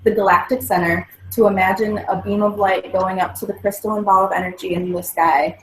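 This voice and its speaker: A woman's voice: medium pitch, fairly even intonation, brisk, low-quality recording. Woman, earnest counsellor, casual talk, faint hiss behind. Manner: earnest, explains with examples and mantras. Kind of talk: casual chat.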